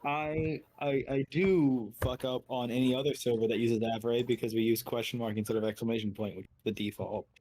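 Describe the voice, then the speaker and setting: A man's voice: medium pitch, steady tone, brisk, hardly any pauses, a little mellow, a little hiss or hum. A man playing in a tabletop game, chatting casually and rambling with many fillers. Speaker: player.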